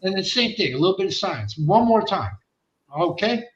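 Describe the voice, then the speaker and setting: Bright-voiced man telling a profane studio story. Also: sits high, brisk, roomy sound, dull audio. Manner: animated, profane storyteller who acts out voices. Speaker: guest rock singer. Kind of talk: casual storytelling interview.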